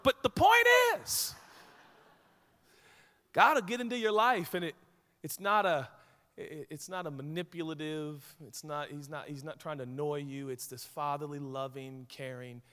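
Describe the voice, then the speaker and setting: A man preaching a sermon as pastor, animated, swinging from quiet asides to shouted peaks. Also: fairly high pitch, normal speed. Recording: hall reverb.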